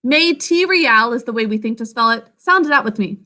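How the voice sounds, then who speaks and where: A woman teacher leading a spelling lesson, sounding out words slowly syllable by syllable and calling on students by name. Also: a little high, lively intonation, sharp tone. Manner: slow, deliberate dictation, sounding out words syllable by syllable.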